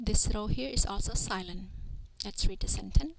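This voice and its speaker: A woman teaching a reading lesson, sounding out syllables one by one in a slow, deliberate way. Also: mid-range voice, gravelly. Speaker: language teacher.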